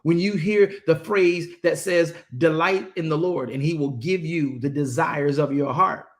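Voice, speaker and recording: Passionate, high-pitched male preacher. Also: unhurried. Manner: passionate, emphatic, repeats words when excited; talks straight to the congregation in casual speech. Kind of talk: sermon.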